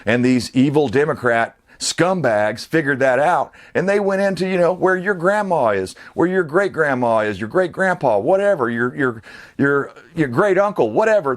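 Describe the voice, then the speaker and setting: A man's voice: fairly high pitch, expressive, normal speed. A man giving a casual, rambling political rant as an online commentator, blunt and profane.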